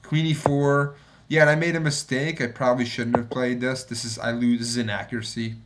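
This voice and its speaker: A man streaming himself playing chess, thinking aloud and muttering to himself, sometimes mocking his own mistakes and getting excited. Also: medium pitch, a little fast, noisy background. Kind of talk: thinking aloud while playing and reviewing a game.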